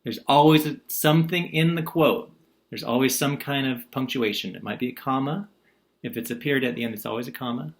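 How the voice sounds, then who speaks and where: Male teacher, video lesson, middle pitch, playful, asks and answers his own questions. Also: a little fast. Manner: lively, asks the class questions and answers them; playful, acts out quotes in different voices.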